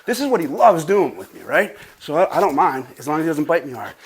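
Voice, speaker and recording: A man's voice: fairly high pitch, big pitch swings, fast, slightly rough. Breathless, chatty man teaching dog training. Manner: loose, profane, says "right?" a lot. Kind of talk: casual instructional talk. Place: home garage.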